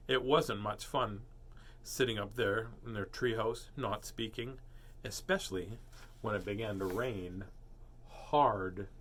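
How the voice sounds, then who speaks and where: A man's voice: lowish voice, slow pace, a bit bright. A man reading a children's storybook aloud, doing playful character voices and joking asides. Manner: playful, jokey asides and puns. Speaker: storybook reader.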